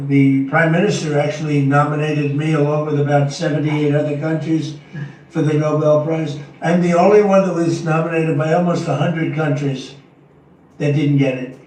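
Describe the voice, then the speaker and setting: A man's voice: a little high, level tone, normal speed, a little mellow, far from the mic, slight background noise. An older man speaking at a press event in an emphatic, repetitive, rambling way. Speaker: president answering press questions. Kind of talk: press conference remarks. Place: large formal meeting room. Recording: echoey room, off-mic.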